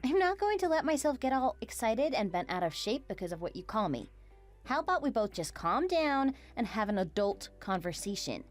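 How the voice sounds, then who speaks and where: A woman voicing a calm, reasonable young woman who keeps asking questions, puzzled by her roommate's rudeness. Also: on the high side, normal speed, soft background music.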